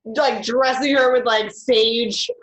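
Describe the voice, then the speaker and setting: A woman's voice: a little high, steady tone, slow, roomy sound. A woman competing in a casual spelling bee who chats and laughs often. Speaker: contestant.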